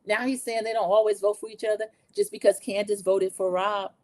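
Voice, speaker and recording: A woman's voice: mid-range voice, little pitch movement, fairly quick, a little mellow, no room sound. A middle-aged woman hosting a casual opinion recap, chatty and opinionated, talking straight to her viewers. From lived in the American South over twenty years. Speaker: recap host.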